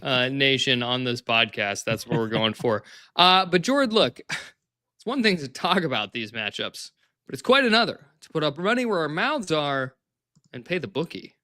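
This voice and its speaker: Brief: bright, crisp male co-host, playful and upbeat, reads betting lines. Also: medium pitch, animated, no echo, studio quality. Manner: upbeat, playful, reading picks briskly. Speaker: co-host of a soccer betting podcast. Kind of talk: casual sports betting chat.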